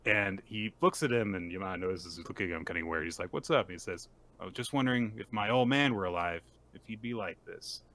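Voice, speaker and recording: A man co-hosting a casual podcast, excitedly retelling a story and acting out the characters' lines. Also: low voice, fast talker, hardly any pauses, dry recording. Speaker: podcast co-host. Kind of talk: casual chapter recap.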